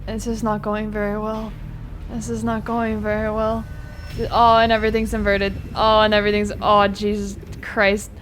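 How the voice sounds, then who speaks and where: A young woman streaming a game live, excitable and laughing often, swearing freely and using casual gamer slang. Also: medium pitch, normal speed, a little hiss or hum. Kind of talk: live-streamed gameplay chat.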